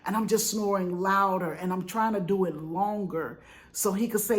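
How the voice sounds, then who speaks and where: A middle-aged woman vlogger telling a personal story in an animated, chatty, dramatic way. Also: medium pitch, normal speed. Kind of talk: casual storytelling.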